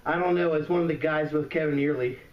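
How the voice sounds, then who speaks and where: A shaken man calling emergency services, out of breath, rambling and halting as he talks. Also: on the high side, slight background noise. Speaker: 911 caller. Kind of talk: emergency phone call. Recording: muffled echoey emergency call recording, distant.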